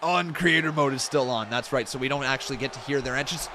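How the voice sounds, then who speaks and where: A young man casually commentating on a wrestling video game, excitable and jokey. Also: medium pitch, quick pace, few pauses, slight background noise. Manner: excitable, jokey, breaks into chants. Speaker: gaming streamer.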